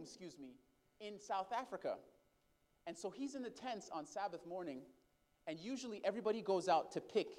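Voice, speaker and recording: A man's voice: sits high, a little mellow. A man preaching a sermon who tells a story, calls out to the congregation as brothers and sisters, and asks them for responses.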